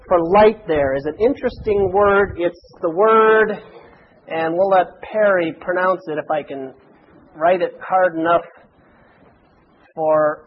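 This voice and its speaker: A man's voice: fairly high pitch, muffled recording, slight background noise. A man preaching a sermon to a congregation in a folksy, conversational way, with chatty asides. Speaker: pastor.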